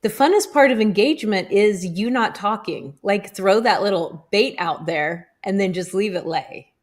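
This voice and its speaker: A middle-aged woman hosting a podcast, chatting and telling stories in a relaxed way with 'um' fillers, talking over an online video call. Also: medium pitch, normal speed. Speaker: podcast host, photographer. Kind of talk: casual podcast conversation.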